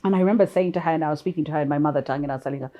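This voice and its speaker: A woman in her fifties from Kenya, a podcast guest telling stories in a lively, laughing way. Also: low voice, rapid-fire. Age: 50s. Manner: lively, laughs often, storytelling. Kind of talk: casual chat.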